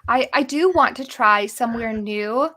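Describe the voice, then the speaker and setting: A woman in her thirties chatting casually as a podcast co-host, talkative and quick to laugh and tease. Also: on the high side, pushed and bright. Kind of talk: casual chat.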